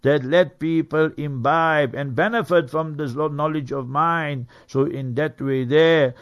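Mufti type, man, slightly higher voice, emphatic and earnest, quick Arabic recitation. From South Africa. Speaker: mufti and radio teacher. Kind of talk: religious talk on Quran verses. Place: radio studio.

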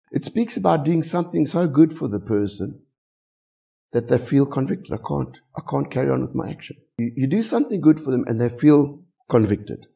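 Animated South African pastor, gravelly voice. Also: male voice, medium pitch. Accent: South African English. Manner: animated storytelling, rhetorical questions. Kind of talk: sermon.

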